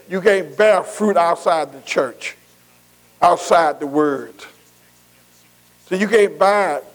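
A man's voice: on the high side, rough recording. A man preaching a sermon, repeating phrases and calling out to the congregation. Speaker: pastor.

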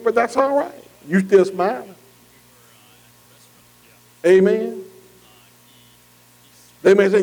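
Preacher guy, pretty high voice, folksy, keeps asking the crowd to answer back. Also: slow pace, long pauses, mellow, rough recording. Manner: folksy, call-and-response preaching with dialect. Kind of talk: sermon.

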